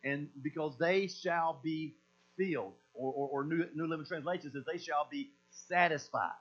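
A man's voice: fairly high pitch, normal speed. A man preaching a sermon as pastor, emphatic and repetitive, often doubling back on his words. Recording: dull lo-fi sound with mains hum.

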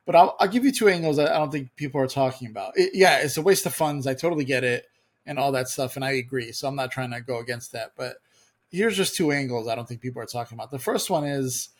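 A man's voice: mid-range voice, fast. Man co-host chatting and asking questions. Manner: conversational, asks questions, hedging. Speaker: podcast co-host. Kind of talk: casual political chat.

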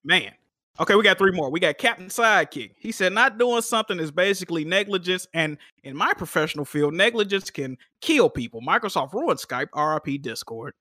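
Lively high-voiced man reading chat. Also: a little fast, dry recording, clean studio sound. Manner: laughing, reads viewer comments aloud. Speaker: podcast co-host reading chat. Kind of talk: casual chat.

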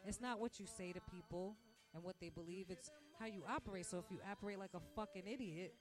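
A woman in her thirties hosting a podcast, giving a blunt, profane, animated rant from the restaurant where she works. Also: mid-range voice, quick pace. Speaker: podcast host. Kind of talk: casual ranting monologue. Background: faint background music.

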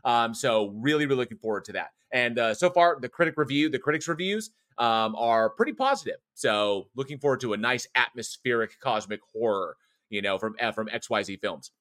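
A man's voice: mid-range voice, animated, a little fast, a bit bright, dry recording, studio quality. A man co-hosting a casual horror movie podcast from an office, rambling along with frequent restarts and laughter. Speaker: podcast co-host. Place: home office.

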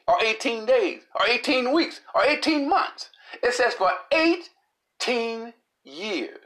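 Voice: mid-range voice, a bit bright. A preacher delivering a sermon in a rhythmic, repetitive style, building with dramatic rises and falls.

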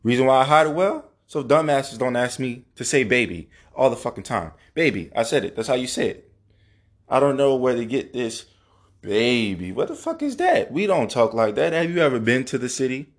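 A man's voice: medium pitch, fairly quick. A man from New Orleans hosting his own podcast alone, talking casually and emphatically with plenty of swearing and the odd rant. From New Orleans, Louisiana. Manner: profane, ranting, emphatic. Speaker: podcast host. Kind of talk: casual solo podcast monologue. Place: apartment at home.

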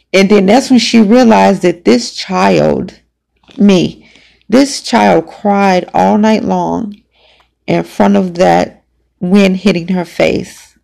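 A woman with a gravelly, fry-tinged voice tells a personal story on her podcast. She talks casually and emphatically, with loose fillers. Her pitch sits mid-range for a woman. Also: fairly even intonation, takes it slowly, a little mellow. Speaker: podcast host.

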